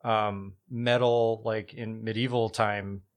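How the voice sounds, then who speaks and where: A man's voice: lowish voice, little pitch movement, slow pace. A man co-hosting a casual podcast, rambling and searching for words with many fillers. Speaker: podcast co-host.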